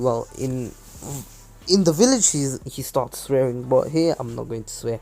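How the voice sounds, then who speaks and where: A man's voice: mid-range voice, slow, gravelly, long pauses, darkish tone, faint music behind. A man improvising a fan fiction story as narrator, rambling with many fillers and restarts. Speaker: channel host, storyteller.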